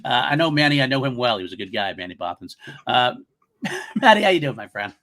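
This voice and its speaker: Bright-voiced chatty podcast co-host man. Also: mid-range voice, very animated, fast talker. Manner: chatty, laughs often, rambling asides. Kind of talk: casual podcast chat. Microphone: remote recording over an online studio.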